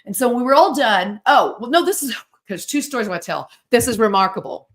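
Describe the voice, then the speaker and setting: A middle-aged woman from the United States, a podcast guest telling stories in an animated, self-interrupting way. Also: fairly high pitch, fast. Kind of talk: casual storytelling interview.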